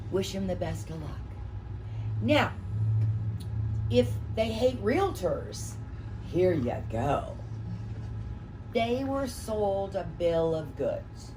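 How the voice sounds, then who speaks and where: A middle-aged woman leads a training class in a chatty, anecdotal way, with a somewhat low voice. She is picked up from a distance, with clear background noise in the room. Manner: folksy, anecdotal, chatty storytelling. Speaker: real estate trainer.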